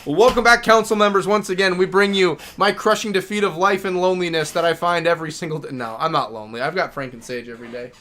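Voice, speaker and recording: A man's voice: fairly high pitch, quick pace, hardly any pauses, bright, forceful tone. Chatty man streaming, talking to his dogs. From Minnesota. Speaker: game streamer. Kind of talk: casual live-stream chat.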